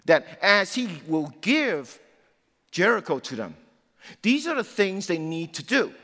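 Man, preacher, sermon, emphatic and chatty, fairly high voice, long hall reverb. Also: a bit bright. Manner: emphatic, conversational, often says "you know".

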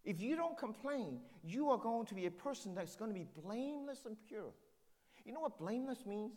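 A man's voice: high-pitched, big pitch swings, moderate pace, a little mellow, long reverb tail. A man preaching a sermon as pastor, driving points home with rhetorical questions.

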